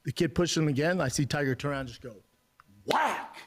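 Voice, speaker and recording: Rapid-fire and fairly high-pitched, a podcast guest spins a profane, lively anecdote in casual storytelling style, voicing the other characters' quotes as he goes.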